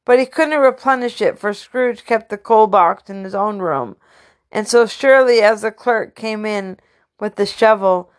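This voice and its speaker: A woman reading a classic story aloud, unpolished, with slips and restarts. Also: mid-range voice. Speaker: reader.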